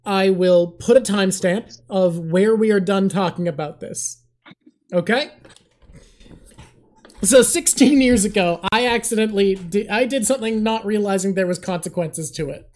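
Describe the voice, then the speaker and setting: A man hosting a casual chat, relaxed and chiming in. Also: sits high, normal speed. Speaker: host.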